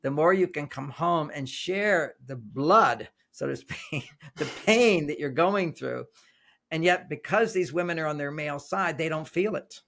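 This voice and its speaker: A man's voice: on the high side, a little slow, vocal fry, a bit bright. An older man, a relationship author, explaining his ideas in an interview with anecdotes, often repeating and restarting phrases.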